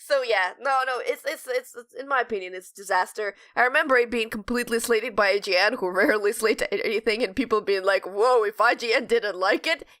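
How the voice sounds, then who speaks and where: A woman's voice: fairly high pitch, fast, few pauses, fairly bright tone. A woman co-hosting a podcast, chatting casually and ranting, rambling with many restarts. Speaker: podcast co-host. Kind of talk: casual chat.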